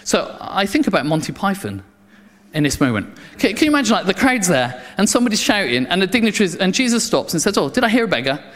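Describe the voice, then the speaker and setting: A male preacher with a slightly high voice talks fast through an animated sermon, stumbling and restarting and acting out crowd voices. A long hall reverb surrounds him.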